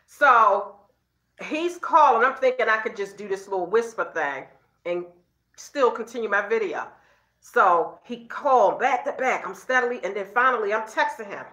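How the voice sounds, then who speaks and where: A woman's voice: medium pitch, expressive, moderate pace, bright, forceful tone. A middle-aged woman, telling a story to her viewers in a chatty, casual way and tagging her sentences with okay. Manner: chatty, addresses viewers as girl and y'all, frequent okay tags. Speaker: vlogger talking to her viewers. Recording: echoey room, slightly dull sound.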